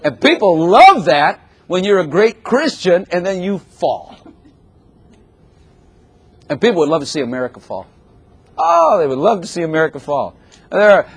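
A man preaching a sermon in a lively, conversational way, with sudden exclamations. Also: on the high side, breathy edge.

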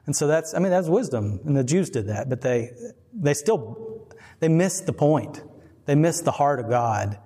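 A man's voice: on the high side, expressive, normal speed, warm tone, slightly rough. Guy preaching a laid-back sermon, rambly and chuckly, big hall echo. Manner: rambling, digressive, chuckling asides. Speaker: pastor. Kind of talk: casual conversational sermon. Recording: long reverb of a hall.

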